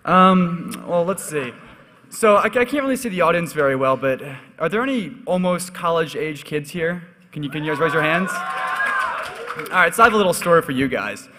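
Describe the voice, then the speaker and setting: A young man on a conference panel, telling a relaxed, self-deprecating story to the audience. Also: fairly high pitch, normal speed, slight background noise. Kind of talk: anecdotal storytelling on stage. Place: conference hall stage. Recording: echoey hall.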